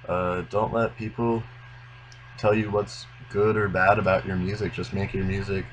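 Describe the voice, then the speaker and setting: Young man, musician guest, very low voice, earnest unhurried talk, faint hiss. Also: level tone, poor audio. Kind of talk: casual interview chat.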